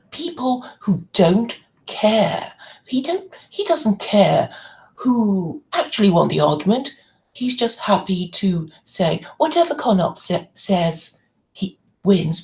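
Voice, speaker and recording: Slow, gravelly woman ranting angrily. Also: mid-range voice, darkish tone, rough recording. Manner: angry, indignant and profane. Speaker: channel host. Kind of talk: ranting monologue to camera.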